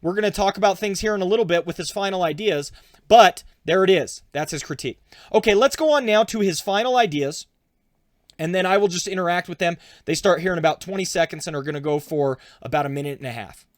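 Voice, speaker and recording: A man's voice: sits high, quick pace, no echo, studio quality. A man, a pastor, commenting on a reading in a conversational teaching style. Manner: conversational, explaining with fillers.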